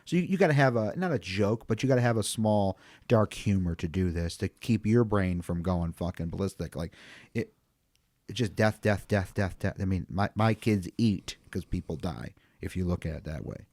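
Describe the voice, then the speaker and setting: Rough-talking man telling stories, low voice. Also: moderate pace, a little mellow, dry recording. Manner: profane, rambling storyteller. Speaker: guest, funeral home owner. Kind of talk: casual podcast chat.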